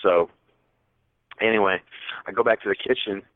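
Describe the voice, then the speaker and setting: A young man co-hosting a podcast, telling a long story in a casual, animated way and acting out what people said. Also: fairly low pitch, moderate pace, no room sound. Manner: animated, acts out quotes with rising voice. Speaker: podcast co-host. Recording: tinny phone-like audio.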